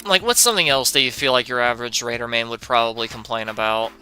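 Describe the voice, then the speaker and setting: A man's voice: medium pitch, fast, bright, forceful tone, faint music behind. A young man streaming a game, answering chat in a sarcastic, profane way and laughing often.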